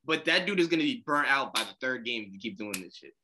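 A young man co-hosting a podcast, animated and slangy, saying "bro" a lot. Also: medium pitch, fast talker, slight background noise. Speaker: podcast co-host. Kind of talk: casual chat.

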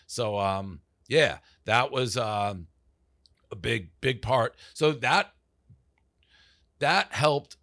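A man's voice: medium pitch, moderate pace, a bit bright, no echo, clean studio sound. A man, telling stories as an interview guest in a loose, profane way, acting out what people said to him. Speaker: interview guest, media founder. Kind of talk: casual interview storytelling.

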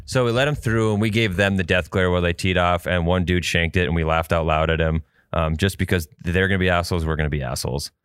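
A man's voice: deep voice, steady tone, quick pace, few pauses, a bit bright, smooth, dry recording, clean studio sound. A man co-hosting a podcast, telling a long rambling story in casual chat and swearing freely. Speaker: podcast co-host.

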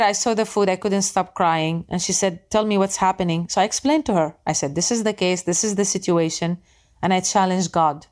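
A woman giving an emotional personal testimony in non-native English, earnest, acting out quoted dialogue and often stumbling over and repeating words. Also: medium pitch. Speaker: storyteller recounting her conversion.

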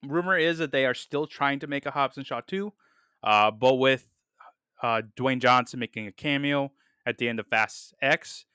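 A man's voice: medium pitch, moderate pace, pushed and bright, clear, resonant tone, dry recording, clean studio sound. A man talking through a film review on his podcast, upbeat and casual, with lots of fillers and repeated words. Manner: enthusiastic, many fillers, repeats "really, really"; laughs at quotes he reads.

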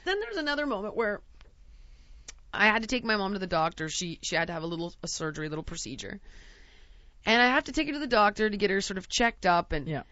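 A woman in her forties telling a comic, self-mocking story in an animated way, acting out the quoted people. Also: mid-range voice, fast talker, dry recording. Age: 40s. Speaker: host. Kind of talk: comedic storytelling monologue. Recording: dull, lo-fi sound.

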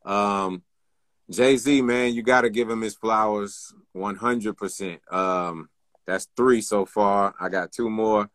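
A man in a casual interview speaks in a bright, clear voice with a dry, close sound. He answers in a thoughtful, laid-back and friendly way over a video call. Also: on the low side, fairly even intonation, slow, dry recording. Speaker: guest.

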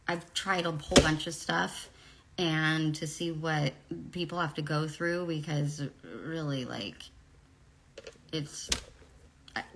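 Woman vlogger, 40s, low gravelly voice, blunt and profane, faint hiss behind. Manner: blunt, profane, rambling storytelling. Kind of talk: candid personal vlog.

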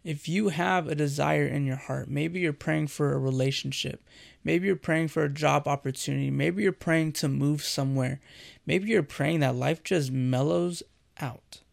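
Earnest gravelly man preaching. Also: on the high side, normal speed. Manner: earnest, conversational, addresses listener directly. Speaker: Christian devotional host. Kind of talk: conversational sermon.

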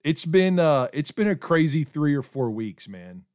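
A man's voice: fairly high pitch, sing-song, unhurried, darkish tone. A man in his forties on church staff, hosting a casual podcast chat, rambling with many restarts.

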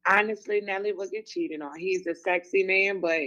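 A woman's voice: mid-range voice, steady tone, normal speed, pushed and bright, dull audio. Blunt, profane woman co-host. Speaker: podcast co-host. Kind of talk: casual chat.

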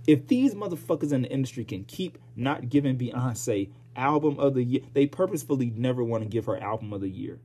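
A man hosting his own podcast, ranting in a heated, profane, animated way, with sighs and outbursts. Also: medium pitch, fairly quick, few pauses. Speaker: podcast host. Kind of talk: casual solo podcast rant.

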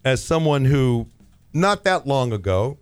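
A man in his sixties hosting a morning radio show, telling stories in an animated way and laughing at himself. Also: mid-range voice, measured pace, smooth, dry recording. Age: 60s. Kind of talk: casual radio chat. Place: radio studio.

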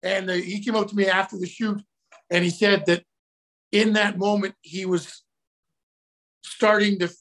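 A middle-aged man, a guest telling anecdotes in a casual, animated way, bursting into shouted quotes. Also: high-pitched, normal speed, long pauses. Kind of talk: casual storytelling.

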